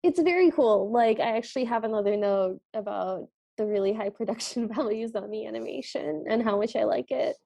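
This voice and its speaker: A woman's voice: on the high side, fairly quick, creaky, few pauses, dark tone. A woman co-hosting a podcast, chatting casually as she recaps a film and acts out lines from it. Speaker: podcast co-host. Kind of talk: casual movie recap chat.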